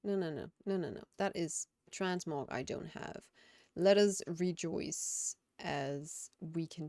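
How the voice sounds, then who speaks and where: A woman's voice: low-pitched, darkish tone, no echo, clean studio sound. A woman game streamer chatting casually and reflectively on a live stream, often laughing.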